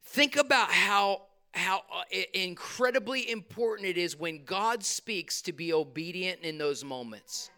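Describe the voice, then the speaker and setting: A man's voice: high-pitched, measured pace, hardly any pauses, pushed and bright. A male pastor, preaching a conversational sermon in a church, acting out his prayers and quotes. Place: church sanctuary.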